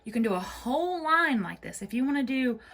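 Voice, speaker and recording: A woman's voice: high voice, very animated, brisk, a bit bright. A woman hosting a casual quilting tutorial, chatty and reassuring, who repeats each instruction step by step. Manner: reassuring and encouraging. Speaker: quilting video host.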